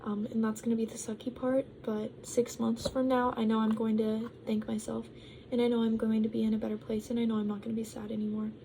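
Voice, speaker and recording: A young woman chats loosely to her vlog viewers, wandering from thought to thought with plenty of ums and likes. Her voice sits a bit high but has a soft, mellow tone. At times she talks through a mouthful of food. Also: level tone, fast, creaky, few pauses, slight background noise, poor audio. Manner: rambling, full of ums and likes; talks while eating. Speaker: vlogger. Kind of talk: casual vlog chat.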